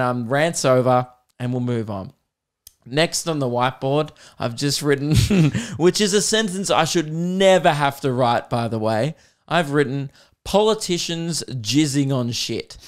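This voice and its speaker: A young Australian man hosting a podcast, ranting crudely and sarcastically between laughs. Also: medium pitch. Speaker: podcast host and comedian. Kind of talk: casual comedic rant.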